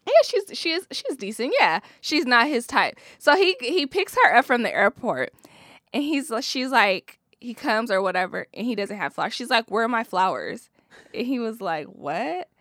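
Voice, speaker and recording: A woman's voice: fairly high pitch, normal speed, no room sound, studio quality. A woman with retelling a reality show in casual chat, swearing freely and acting out what people said. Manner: animated storyteller, acts out quotes, swears freely. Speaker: podcast co-host.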